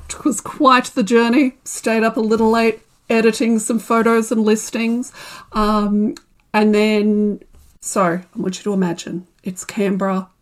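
A woman telling an animated story about her shop launch in a casual chat, laughing and acting out her own reactions. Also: fairly high pitch, measured pace. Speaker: guest, small shop owner.

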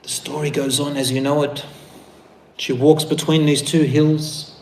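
Guy preaching a story, animated, pitch kinda high, echoey room. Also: unhurried, a little hiss or hum. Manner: animated storytelling with rising emphasis. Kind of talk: sermon storytelling.

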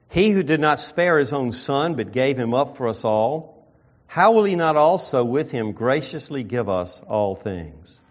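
A man preaching a sermon, reading scripture and slowing down to stress key phrases. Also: mid-range voice. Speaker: pastor. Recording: dull lo-fi sound.

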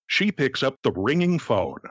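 A man's voice: medium pitch, sing-song, unhurried, a bit bright, husky, no echo, muffled recording. A man reading the stage directions of a comedic script aloud. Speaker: script narrator.

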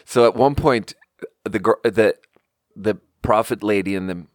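A man's voice: fairly low pitch, unhurried, dry recording, studio quality. A young man hosting a podcast, telling a story in a casual, rambling way and saying "like" a lot. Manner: rambling, conversational, heavy use of "like". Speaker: podcast host.

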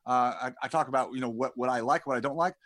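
A man who is a dentist and community founder talks fast as a podcast guest, rambling in a conversational interview and repeating words when starting sentences. His voice is mid-range and fairly bright, with no echo.

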